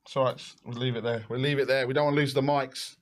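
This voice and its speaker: A young man hosting a live football watch-along, excitable and shouting encouragement. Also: mid-range voice, fast talker.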